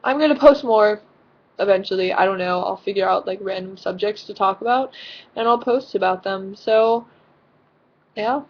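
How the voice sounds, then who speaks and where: Rambling teenage girl, husky and creaky. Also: mid-range voice, normal speed, highs cut off. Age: teens. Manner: rambling, lots of fillers, giggly. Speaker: vlogger. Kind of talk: casual vlog chat. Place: own bedroom.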